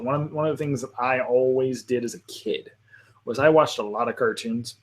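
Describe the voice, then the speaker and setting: A man's voice: mid-range voice, fairly even intonation, moderate pace. A man hosting a live panel discussion, talking casually and at length in a friendly, rambling way with lots of fillers. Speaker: panel host.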